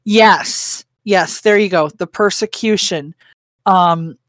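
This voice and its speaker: A woman's voice: fairly low pitch, takes it slowly, dry recording, studio quality. A woman co-hosting a podcast in casual chat, rambling with lots of hesitant fillers. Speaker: podcast co-host.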